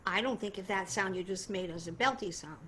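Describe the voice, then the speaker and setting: An older woman voice teacher explaining singing technique in a conversational, animated way. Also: medium pitch, brisk, slight background noise. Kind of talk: voice lesson demonstration and explanation.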